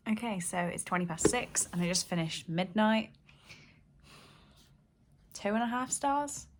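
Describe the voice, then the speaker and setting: A woman's voice: fairly low pitch, animated, noisy background. Chatty young woman vlogging. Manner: chatty and candid, with quick rambling asides. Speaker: book vlogger. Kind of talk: casual vlog chat. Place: at home, partly from bed.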